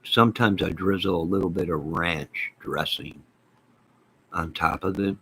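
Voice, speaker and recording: A man hosting his own channel, chatting casually to his viewers on a live stream in an excitable, folksy, rambling way. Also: low-pitched, measured pace, slight background noise, low-quality recording. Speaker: channel host.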